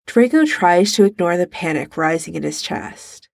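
A woman narrating a fan fiction story aloud in a steady, measured reading. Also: fairly low pitch, gravelly, no echo, clean studio sound.

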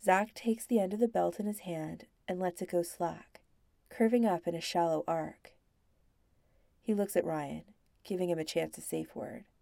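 Female narrator, low gravelly voice, very slow hushed storytelling, dry close sound. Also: no echo. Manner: slow, hushed and intimate, slipping into whispers.

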